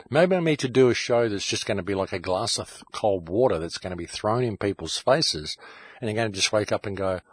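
Husky low-voiced man ranting to listeners. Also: no echo. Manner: ranting, keeps calling listeners "folks". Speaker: show host. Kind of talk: impassioned monologue. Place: home shed.

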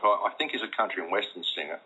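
A man's voice: low voice, racing, pushed and bright, slightly rough. A man, talking in a rambling, casual way full of restarts, recorded with dull lo-fi sound. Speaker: radio show guest. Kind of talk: casual conversation.

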